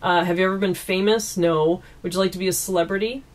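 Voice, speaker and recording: A woman's voice: on the low side, fairly even intonation, quick pace. A woman from East Coast Canada, chatting casually and giggling as she answers viewer questions at home into a camera mic. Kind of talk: casual Q&A chat.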